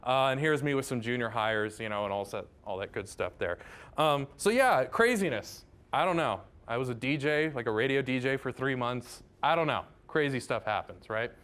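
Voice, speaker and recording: A man's voice: mid-range voice, expressive, moderate pace, a bit bright. A man from Southern California, a math professor giving a chatty, enthusiastic public lecture, often tossing "right?" asides to the audience.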